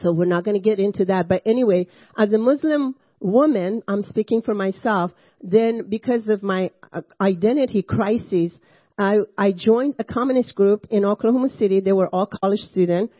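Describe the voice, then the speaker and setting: A woman's voice: mid-range voice, moderate pace, no echo. Casting note: woman, 60s, Persian accent, church guest speaker, chatty testimony with restarts and fillers, dry and slightly dull sound. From Iran. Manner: conversational with frequent fillers and self-interruptions, laughing asides. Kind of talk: personal testimony sermon.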